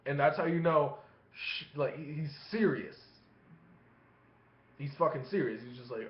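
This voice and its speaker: A man's voice: a little high, animated, a little slow, pauses often, slight background noise. A man casually telling a long profane story to his webcam, rambling and laughing between phrases. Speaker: vlogger. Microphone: webcam facing him. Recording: echoey room, dull lo-fi sound.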